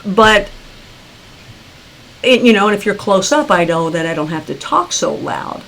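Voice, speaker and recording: A woman's voice: medium pitch, sing-song, a little slow, vocal fry, fairly bright tone, slight background noise, rough recording. A woman hosting a talk show, asking chatty, probing questions in a casual conversation. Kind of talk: casual interview.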